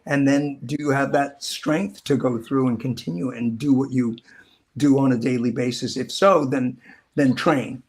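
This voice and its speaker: A middle-aged actor telling stories in a casual interview, rambling and acting out quoted lines in different voices. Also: male voice, mid-range voice, moderate pace. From Southern California. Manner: rambling, animated, acts out quotes. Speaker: actor guest.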